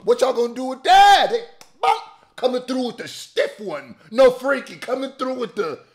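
A man, a rapper, giving casual, animated commentary full of slang and exclamations while reacting to a music video. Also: extremely high pitch, moderate pace.

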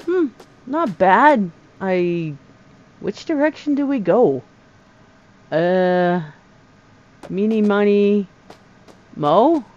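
A woman talking casually over her own gameplay, chatty and excitable, laughing often. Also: mid-range voice, drawn-out words, long pauses. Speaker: gamer. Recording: slightly dull lo-fi sound.

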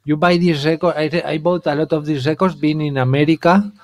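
Spanish-accented male guest, excited casual chat, fairly high voice, dry sound. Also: brisk, no room sound. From Spain. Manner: enthusiastic, laughs often. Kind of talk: casual video-call chat.

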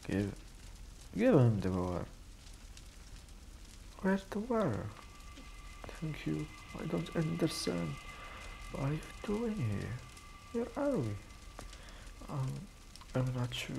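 A man playing a mobile puzzle game and commenting in English, which is not his first language, reacting loudly and swearing. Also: fairly high pitch, big pitch swings, slow, vocal fry, long pauses, noisy background. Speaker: gaming video creator. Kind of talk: casual let's-play commentary.

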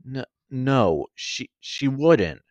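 A man's voice: medium pitch, slow, smooth, no room sound, dull audio, natural voice. A man voicing a sorrowful, angry female gorgon with snake hair, speaking in shaky, broken restarts. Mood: angry, shaken.

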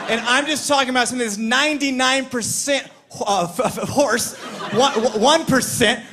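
High-voiced man doing stand-up comedy. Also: moderate pace, background noise. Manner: animated, playful storytelling. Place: TV studio stage.

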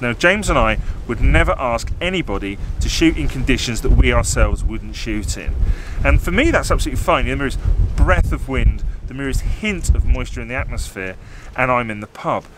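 A man, a landscape photographer talking to camera outdoors on snowy, windy hills through a small camera mic. He is chatty and self-deprecating, with light jokes. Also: mid-range voice. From southern England. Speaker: landscape photographer and workshop host. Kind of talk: outdoor vlog commentary to camera. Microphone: small on-camera microphone. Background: wind.

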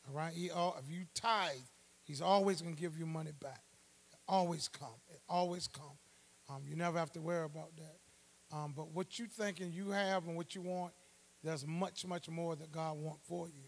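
A man preaching a Bible study sermon in church, calling out to the congregation for responses and swelling to loud emphasis. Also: fairly high pitch, steady tone, normal speed, vocal fry. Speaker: pastor.

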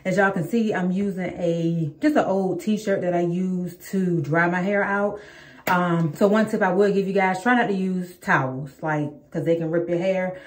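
A woman's voice: fairly low pitch, fairly even intonation, moderate pace, echoey room. A woman in her thirties chatting casually through a hair-care routine, calling her viewers y'all with plenty of ums. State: out of breath. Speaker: vlogger. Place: home, indoors.

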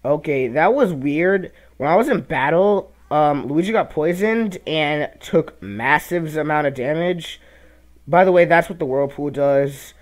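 A young man giving casual gameplay commentary, reacting loudly to the game and muttering asides. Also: fairly high pitch, expressive, measured pace. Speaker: let's play commentator.

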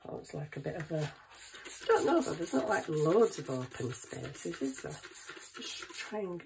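A woman's voice: deep voice, lively intonation, normal speed, gravelly, background noise. A woman chatting casually in her home kitchen, thinking aloud as she works on a craft. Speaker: craft vlogger.

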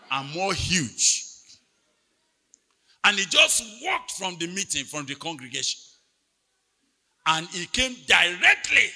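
A man preaches a sermon in a big hall, his bright, forceful voice carried on a long reverb. His pitch sits a little high for a man. He swings from quiet asides to loud, dramatic peaks as he tells his story. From Nigeria. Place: large hall at a retreat.

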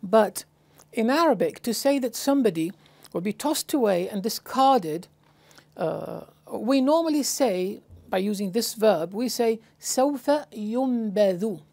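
A woman giving a slow, explanatory lecture on translating scripture, halting often with fillers and restarts. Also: on the high side, expressive, warm tone. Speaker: Qur'an translation teacher.

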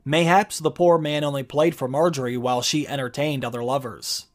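A man reading aloud the part of a gentle-sounding but sinister male court torturer, soft and calm. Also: mid-range voice, a little fast, close to an everyday voice.

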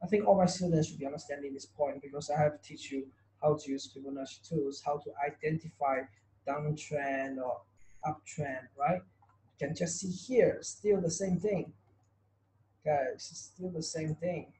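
This trading tutor's voice is a little high with a dark tone, fairly even intonation and a moderate pace. In his online webinar he repeats himself and throws rhetorical questions at students, recorded in an echoey room.

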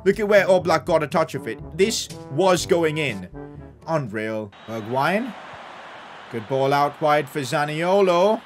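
Young guy calling a footy game he's playing, slightly high voice, gets loud n hyped, faint music behind. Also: a little slow. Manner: swings from calm play-by-play to loud excited outbursts. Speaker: gaming YouTuber. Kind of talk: live commentary over a football video game.

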